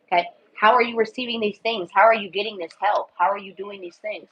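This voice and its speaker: A woman doing a casual tarot reading for viewers talks fast in a steady, mid-range voice. Her delivery is blunt, emphatic and laced with swearing, she repeats herself often, and the recording sounds dull and lo-fi.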